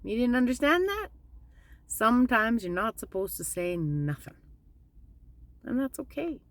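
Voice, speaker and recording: A woman giving a casual, candid motivational talk as a spiritual vlogger, plainspoken and slowing down to stress her points. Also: on the high side, very animated, no echo.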